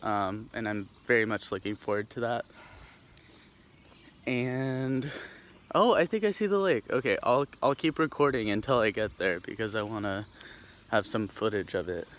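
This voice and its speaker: This young man from Tacoma, Washington, in the Pacific Northwest, vlogs casually as he walks through a neighborhood, rambling with plenty of fillers and restarts. His voice is fairly low, a bit bright, and moves at a moderate pace. Faint outdoor noise sits in the background.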